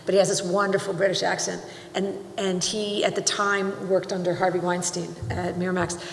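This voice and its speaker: A woman's voice: lowish voice, level tone, normal speed, vocal fry, slight background noise. Chatty woman panelist in a roomy hall. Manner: chatty, self-interrupting, laughs often. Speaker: panelist, screenwriting teacher. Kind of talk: panel discussion, casual. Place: large auditorium. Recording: roomy hall with long reverb.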